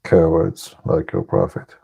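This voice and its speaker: A man's voice: very deep voice, big pitch swings, measured pace, gravelly, dark tone, slightly rough. A man hosting a live call-in stream, delivering a mocking, taunting monologue in broken English and laughing at his own jokes. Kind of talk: combative monologue.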